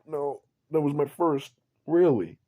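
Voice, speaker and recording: A man's voice: on the high side, lively intonation, a little slow, mellow, pitched above the performer's own voice. A man voicing a frightened young female villain who pleads and answers meekly.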